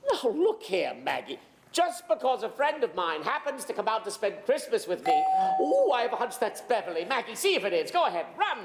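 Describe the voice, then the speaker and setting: A man's voice: high voice, huge pitch swings, fairly quick, full character voice. An actor playing an imperious, sardonic middle-aged man of letters in a stage comedy, bossy and theatrical. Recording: roomy theater stage sound.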